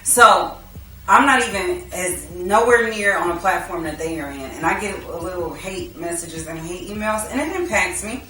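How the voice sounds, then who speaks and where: A woman's voice: on the low side, normal speed, bright, forceful tone. A woman hosting a podcast, talking casually and arguing her point, laughing easily. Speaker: podcast host. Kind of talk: casual debate. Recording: echoey room, mic at a distance.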